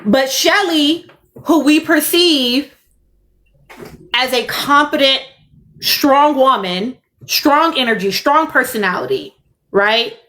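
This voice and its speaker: A woman's voice: sits high, slow pace, pauses often, bright, forceful tone. A young adult woman, hosting a casual commentary livestream, emphatic and fond of repeating her points. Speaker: livestream host.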